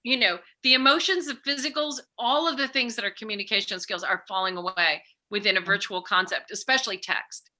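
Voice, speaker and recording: A middle-aged woman speaking as a podcast guest, talking in a lively, animated way and acting out bits of dialogue. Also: mid-range voice, a little fast, hardly any pauses. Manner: animated, acts out remembered dialogue. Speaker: guest, author and peace educator. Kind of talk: casual podcast conversation.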